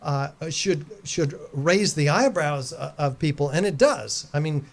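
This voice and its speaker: Male podcast guest, earnest and measured, somewhat high-pitched. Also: creaky. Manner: earnest, measured explaining with fillers. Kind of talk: casual podcast interview.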